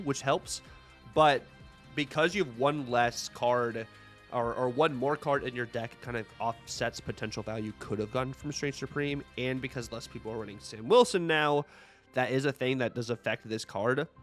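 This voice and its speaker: A man hosting a casual chat, talking enthusiastically and quickly with casual fillers. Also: mid-range voice, a bit bright. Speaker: host.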